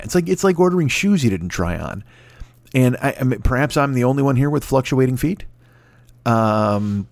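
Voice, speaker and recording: A man hosting his podcast alone from home, rambling quickly with plenty of swearing, cracking himself up. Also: medium pitch, creaky, dry recording. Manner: rambling, profane, fast-talking and self-amused. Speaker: podcast host. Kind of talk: solo casual monologue. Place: home recording setup. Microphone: close mic.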